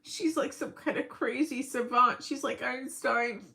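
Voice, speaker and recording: A woman's voice: sits high, unhurried, gravelly, sharp tone, low-quality recording. A middle-aged woman rambling through a casual personal vlog, emotional and breaking into laughs. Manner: rambling, emotional, laughs often mid-sentence. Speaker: vlogger.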